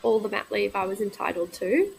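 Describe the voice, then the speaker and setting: A woman in her thirties talking candidly in a casual podcast conversation, reflective and halting, often restarting her sentences. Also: medium pitch, gravelly, darkish tone, a little hiss or hum, low-quality recording. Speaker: guest, midwife.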